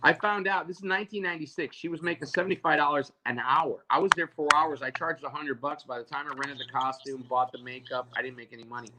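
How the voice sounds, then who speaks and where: A balloon artist appearing as a guest talks casually on a video call, his fairly high voice moving quickly with few pauses. He's animated, performs the voices of people in his stories, and stammers when he restarts. Background noise is audible.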